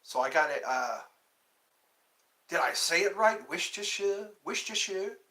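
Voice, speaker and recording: A man's voice: a little high, lively intonation, measured pace, pushed and bright, rough recording. A man hosting a casual live stream, chatting in a rambling, self-interrupting way. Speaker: livestream host.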